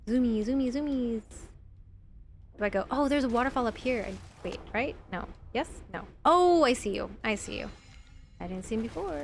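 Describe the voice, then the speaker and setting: A woman's voice: high voice, expressive, moderate pace, faint music behind. A young adult woman giving casual, chatty let's-play commentary, giggling often and filling her talk with "like". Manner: chatty and giggly, full of "like" fillers. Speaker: video game streamer.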